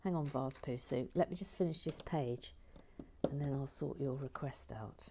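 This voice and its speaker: A woman hosting a LEGO building channel, chatting casually and playfully as she builds and reads out viewer messages, often dropping into soft whispers and muttering to herself. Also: rumbling low, moderate pace, very noisy. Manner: hums and mutters while working.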